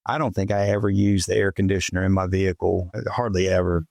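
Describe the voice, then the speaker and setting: A man's voice: low voice, flat delivery, fast talker, gravelly, darkish tone, no echo. A middle-aged man hosting a podcast, talking in an easygoing, conversational way. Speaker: podcast host. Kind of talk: casual interview chat.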